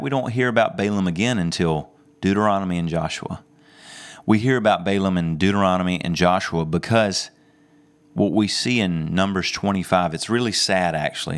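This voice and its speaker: A male preacher giving a sermon, retelling a story with lively, amused storytelling. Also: deep voice. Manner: animated storytelling with chuckles.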